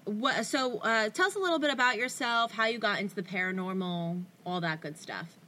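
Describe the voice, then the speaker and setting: Bubbly bright-voiced New Jersey woman. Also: medium pitch, fairly quick. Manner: bubbly and enthusiastic, gushing. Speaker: podcast host. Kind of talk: casual podcast chat.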